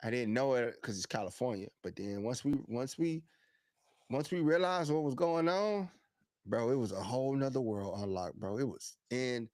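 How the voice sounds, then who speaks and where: A man co-hosting a live podcast, animated and quick to hype things up as he tells stories and gives shout-outs. His voice sits at a middle pitch. The recording is dry and close, with little room sound. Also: no echo. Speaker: podcast co-host. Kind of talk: casual live-stream chat.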